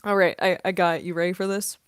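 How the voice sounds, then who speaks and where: A young woman and voice actress chatting in a quiet, soft-spoken late-night Q&A at home, laughing often. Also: fairly low pitch, little pitch movement, quick pace, clear, resonant tone, no room sound, studio quality. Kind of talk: casual late-night Q&A chat.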